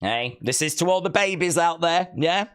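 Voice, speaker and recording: A man's voice: a little high, lively intonation, moderate pace, a bit bright, clean tone. A man hosting a live stream, chatting casually, reading viewer comments aloud and playfully mock-scolding viewers he calls kids.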